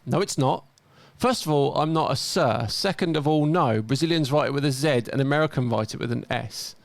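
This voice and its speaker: A man's voice: mid-range voice, brisk, vocal fry, dry recording. A man giving casual commentary as a host, reading out posts and mocking their mistakes with dry humour. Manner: wry, mocking, chuckles at mistakes.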